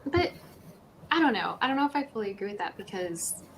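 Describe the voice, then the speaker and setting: Woman thinking out loud on a writing stream, casual, kinda rambly, middle pitch. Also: very animated, fairly quick, slight background noise, poor audio. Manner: thinks aloud, musing and a little rambling. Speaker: writer co-host of a writing stream. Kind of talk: casual chat on a live stream.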